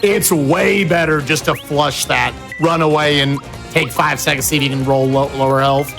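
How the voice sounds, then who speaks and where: A young man speedrunning live, joking and excitable as he chats with co-commentators. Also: fairly high pitch, gravelly. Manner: excitable, joking, quick banter. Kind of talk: casual live commentary while playing. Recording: game music behind the voice.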